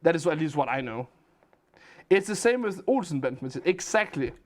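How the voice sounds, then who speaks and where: A man's voice: on the high side, very animated, moderate pace. A man from Denmark with a Danish accent, a livestream host telling rambling stories and answering chat questions in casual chat.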